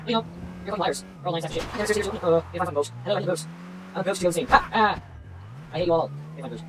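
In let's-play commentary, a gamer playing a taxi driver swears constantly, swinging between furious, rage-filled yelling and low muttering. He talks very fast, with background noise behind him.

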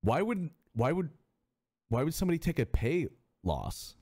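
A male streamer in casual chat, animated, swearing freely and often restarting his sentences. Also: on the high side, moderate pace.

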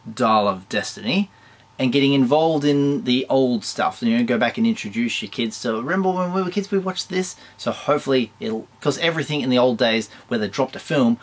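Reviewing toy news in a laid-back chat, this Australian host of a toy collecting show speaks at a typical middle pitch. He's chatty and excited one moment, tossing out wry asides the next.

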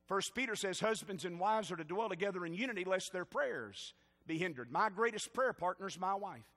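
A man's voice: high-pitched, expressive, fairly quick, pushed and bright, long reverb tail. A middle-aged man with a Southern US accent, a pastor preaching a sermon with rising, stirred-up emphasis and jokes for the congregation. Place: church sanctuary.

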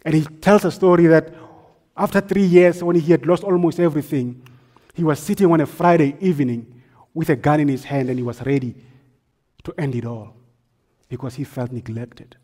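Male pastor, husky mid voice, storytelling sermon with hushed and loud turns. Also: a little high, normal speed. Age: adult, married. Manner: storytelling, swings from hushed to forceful.

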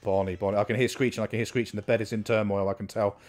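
A young man commentating on a horror game, excitable and chatty, muttering repeated counts under his breath between bursts of excitement. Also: fairly low pitch, very fast. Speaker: gameplay commentator.

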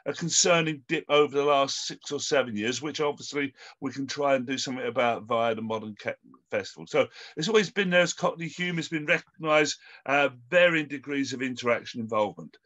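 Bright-voiced man hosting a video call. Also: medium pitch, a little fast, dull audio. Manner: hesitant, with many ums and restarts. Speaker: host. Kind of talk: hosting an online panel discussion.

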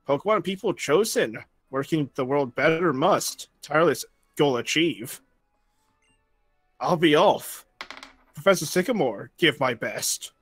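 Grand game villain voiced by a man, scrambled backwards phrasing, slightly high, dry sound, faint music. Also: fairly bright tone, breathy edge, dry recording, full character voice. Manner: scrambled, backwards word order, hesitant. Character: grand male villain in odd scrambled word order. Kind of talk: reading game dialogue aloud in a let's-play.

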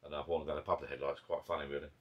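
A man with an Essex accent rambles in a relaxed chat over beers, often cutting himself off and circling back. His voice is low and husky, with a bright, forward edge. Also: very fast, lo-fi sound. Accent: Essex English. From Essex, England. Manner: rambling, chatty, self-interrupting. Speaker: vlogger. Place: garden pub shed. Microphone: camera mic.

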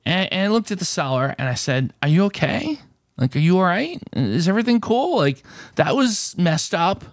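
Animated high-voiced man telling stories. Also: normal speed, no echo. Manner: animated, chatty, with fillers and restarts. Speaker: retro game collecting host. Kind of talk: casual storytelling to camera.

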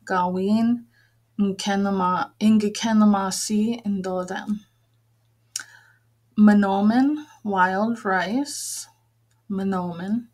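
A woman teaching a vocabulary lesson, patiently repeating each word and explaining it, with frequent pauses and fillers. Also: mid-range voice. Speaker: language teacher. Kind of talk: slow, careful vocabulary lesson with repeated words.

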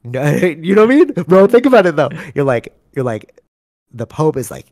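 A man's voice: fairly high pitch, sing-song, normal speed, a little mellow, no room sound. Young man, podcast co-host, casual rambling chat, slangy, sleep-deprived, dry close studio mic. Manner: rambling, slangy, keeps saying bro. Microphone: studio microphone.

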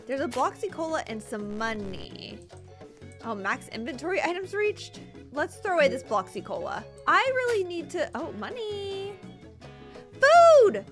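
A young woman giving chatty, giggly gameplay commentary with loud reactions. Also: high-pitched. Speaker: gaming video host.

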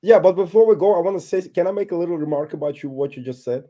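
A man's voice: fairly high pitch, rapid-fire, dark tone. A man guesting on a podcast, a YouTuber speaking bluntly and with strong opinions in casual chat.

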